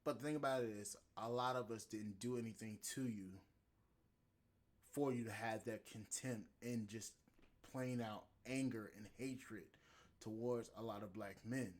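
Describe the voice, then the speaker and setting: A man's voice: on the low side, fairly even intonation, normal speed. A man hosting a podcast, ranting in a heated, profane, rambling monologue. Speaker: podcast host. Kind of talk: casual podcast rant.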